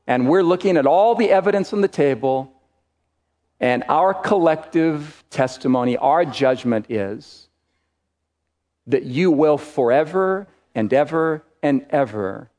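A man preaching a sermon in an emphatic, deliberate way, with dramatic pauses between phrases. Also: medium pitch, darkish tone, long reverb tail.

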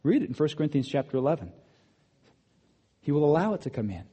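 A man preaching a sermon, animated, rising to emphatic peaks and dropping to quiet asides. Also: a little high, fast talker, breathy edge, muffled recording. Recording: long hall reverb.

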